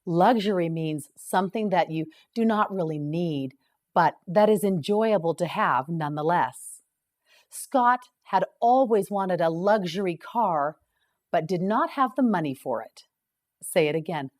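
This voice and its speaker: A woman teaching English vocabulary, reading each word slowly and clearly and asking the learner to repeat it. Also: fairly low pitch, lively intonation. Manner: slow, clearly enunciated repetition. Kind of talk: slow scripted vocabulary drill.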